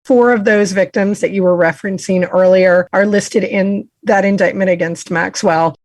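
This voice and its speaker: A woman's voice: medium pitch, steady tone, moderate pace, a little mellow, no echo. A woman co-hosting a podcast, summarizing a criminal trial in a chatty, self-deprecating way. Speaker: podcast co-host. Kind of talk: casual true-crime discussion.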